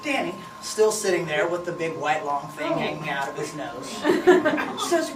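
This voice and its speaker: A woman's voice: low-pitched, very animated, moderate pace. Lady telling a funny story, laughing along, echoey room, sounds far from the mic. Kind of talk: humorous spoken storytelling. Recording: roomy, distant, noisy.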